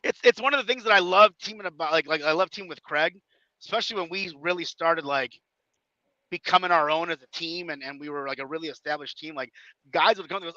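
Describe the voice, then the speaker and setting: A man in his thirties with a Chicago-area accent, a wrestler telling stories on a podcast in an animated way, acting out other people in loud bursts and swearing freely. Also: fairly high pitch, quick pace, no room sound. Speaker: independent wrestler, podcast guest. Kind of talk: casual storytelling chat. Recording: dull lo-fi podcast audio.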